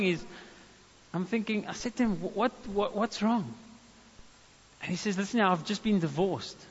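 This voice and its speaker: A South African man preaching in a high, bright voice, breaking into stories and tossing in casual asides and calls of amen. His words ring through a long reverb, and the sound is a little dull. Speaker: pastor. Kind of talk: sermon.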